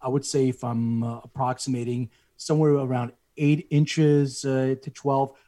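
A middle-aged man casually telling a family story, animated and acting out the voices of people he quotes. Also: moderate pace. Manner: animated, acts out quoted voices with rising pitch.

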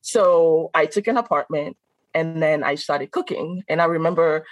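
Woman from Benin, podcast guest, lowish voice, dry close sound, lively storytelling with laughter. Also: moderate pace, dry recording, poor audio. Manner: animated, laughs often, acts out quoted voices. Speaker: guest, food content creator. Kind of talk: casual conversational storytelling.

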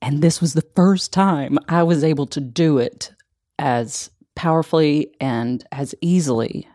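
A woman gently teaching about feeling emotions, talking in a soft, reflective way that often sinks to a hushed near-whisper. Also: deep voice, measured pace, dry recording, studio quality. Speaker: emotional wellness coach. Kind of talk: conversational teaching.

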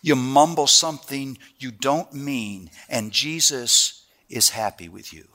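A middle-aged man preaching a sermon, telling family stories in a lively way and then dropping to a hushed, earnest tone. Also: medium pitch, takes it slowly. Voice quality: animated storyteller who drops to a hushed, earnest tone.

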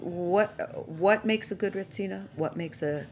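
A woman chats as a podcast guest, her voice a little low. She rambles with playful enthusiasm and jumps between thoughts. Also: unhurried. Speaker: guest, cake designer. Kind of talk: casual interview chat.

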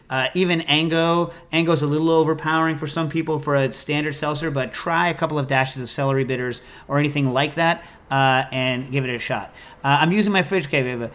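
Man, podcast host, casual chat, rambling and jokey, slightly high voice. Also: a bit bright.

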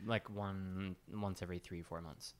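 A man's voice: low-pitched, steady tone, a little slow, darkish tone. A man from Wisconsin co-hosting a podcast, joking around in casual chat and slipping into playful freestyle rhymes. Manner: jokey, playful, breaks into silly freestyle rhymes. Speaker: podcast co-host.

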